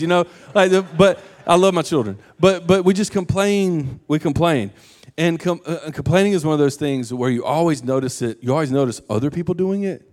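A man in his thirties, a pastor preaching a sermon in a casual, joking way, with lively voiced quotes. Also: on the high side, fast. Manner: casual and conversational, animated quotes and jokes.

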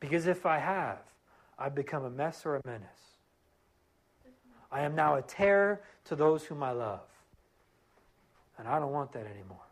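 A man with a slightly raised pitch delivers a sermon from the pulpit of a church. He preaches with earnest emphasis, hammering points through repetition, and eases into a hushed, reverent prayer. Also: animated, normal speed, long pauses. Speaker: pastor.

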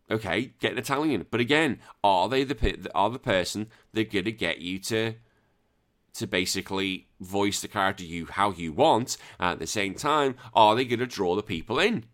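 A man's voice: lowish voice, moderate pace, a bit bright. A man hosting a gaming video, ranting in an exasperated, sweary, rambling way with frequent restarts. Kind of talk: casual ranting commentary.

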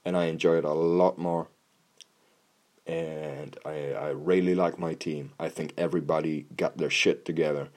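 A man's voice: rumbling low, fairly even intonation, normal speed, a little mellow. A young man talking casually in a blunt, tough-love way, swearing constantly and restarting his words often. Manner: blunt, heavy swearing, repeats words when starting. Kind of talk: casual monologue.

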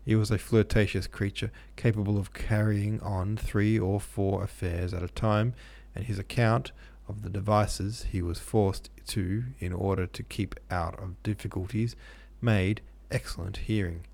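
A man reads a classic novel aloud as a podcast host. His voice is low and gravelly with frequent fry. The delivery stays steady and measured. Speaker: podcast host and audiobook narrator. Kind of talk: scripted narration of a classic novel.

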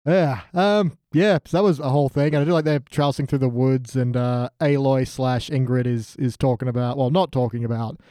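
A man's voice: mid-range voice, fairly even intonation, normal speed, hardly any pauses, dark tone, no echo, studio quality. A man co-hosting a podcast in casual chat, joking around and slipping into silly voices. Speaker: podcast co-host.

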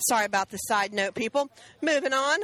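A woman's voice: a little high, a little fast, a bit bright, poor audio. A middle-aged woman chatting casually as she demonstrates a recipe and explains each step to viewers. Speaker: cooking host.

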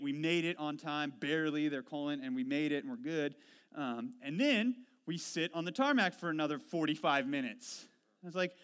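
Guy preaching a sermon, kinda high voice, telling funny stories on himself, goes soft and quiet then gets worked up. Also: clean tone. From Washington State. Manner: storytelling, self-deprecating, animated when retelling frustrations. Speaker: pastor.

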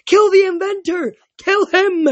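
A woman's voice: mid-range voice, normal speed, no echo, dull audio, natural voice. A woman voicing a wrathful male ghost king who sneers and commands, while reading a novel aloud. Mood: raging.

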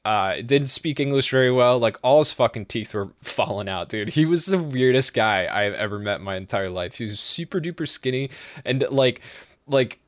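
A man's voice: medium pitch, lively intonation, moderate pace, no echo, studio quality. A man from the East Coast of the United States hosting a podcast, rambling casually with lots of fillers and swearing. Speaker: podcast host.

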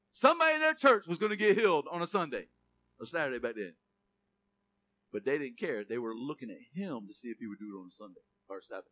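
A male pastor giving a sermon in a lively, joking way, reading scripture aloud. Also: on the high side.

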